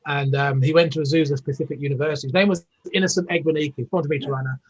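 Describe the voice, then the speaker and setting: A British man in his fifties tells long stories as an interview guest, rambling with many fillers and restarts. His voice sits a bit high for a man. He comes through a dull, lo-fi video-call line. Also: steady tone, fast talker, breathy edge. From United Kingdom. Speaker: interview guest, former Olympic athlete. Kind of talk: casual storytelling interview.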